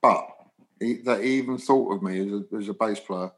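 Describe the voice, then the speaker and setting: Older English musician guest, chatty storyteller with animated delivery. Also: male voice, fairly low pitch, fairly quick, poor audio. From England. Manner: animated anecdotes, acts out dialogue. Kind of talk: storytelling interview.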